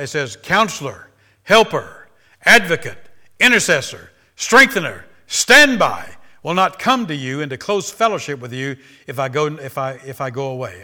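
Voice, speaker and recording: A man preaching a sermon to a congregation at a church service. He swells loud on key words, repeats phrases, and drops in exclamations of praise between points. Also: a little high.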